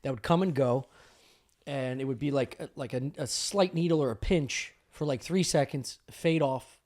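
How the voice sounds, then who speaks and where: A man co-hosting a casual podcast, telling animated stories, acting out the people in them and laughing often. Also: medium pitch, moderate pace. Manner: animated storyteller, acts out the people in his anecdotes, laughs often. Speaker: podcast co-host.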